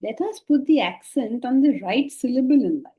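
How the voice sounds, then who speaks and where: A middle-aged woman teaching spiritual philosophy to a class, lively and often questioning her listeners. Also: fairly high pitch, moderate pace, breathy edge, rough recording. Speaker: Vedanta teacher. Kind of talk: spiritual lecture.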